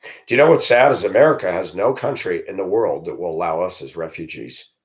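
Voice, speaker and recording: A man's voice: deep voice, animated, fairly quick. Ranting man in a solo vlog. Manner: ranting, indignant, blunt. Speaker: vlogger. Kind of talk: solo opinion monologue.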